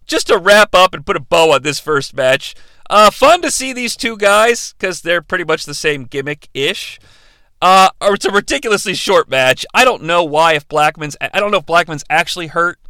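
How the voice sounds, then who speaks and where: A man with a high, gravelly voice recaps wrestling matches with profane, sarcastic energy. His delivery is bright and crisp. The recording is dry and close to the mic. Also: no echo. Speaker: podcast host. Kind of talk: casual wrestling recap commentary.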